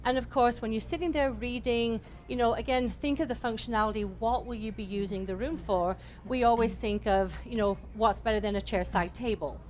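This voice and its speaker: A woman's voice: a little high, brisk, hardly any pauses, a little mellow, slight background noise. A woman leading a home decor class in an upbeat, chatty way, with many fillers. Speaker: interior design instructor.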